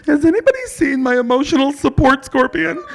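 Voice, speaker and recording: A man voicing a frantic airline passenger hunting for a lost pet scorpion, panicked and shrill. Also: fairly quick, creaky, a bit bright, heavily acted. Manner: panicked, shrill, laughing through it.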